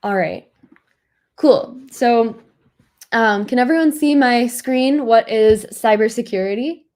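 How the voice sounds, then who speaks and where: A woman's voice: on the high side, slow, darkish tone. A young woman from the United States giving a chatty, encouraging webinar talk over a video call. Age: young adult. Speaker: workshop speaker.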